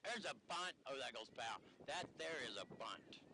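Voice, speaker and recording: A man calling a local softball game on the radio, joking and rambling between pitches at an outdoor field. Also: lively intonation, moderate pace, noisy background. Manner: jokey, rambling banter. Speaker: radio sports commentator.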